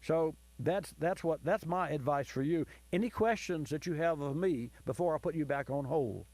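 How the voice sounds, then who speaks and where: Man, radio car-repair host, folksy and explanatory, slightly high pitch, dry close sound. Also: normal speed, a little mellow, dry recording. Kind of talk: call-in advice talk.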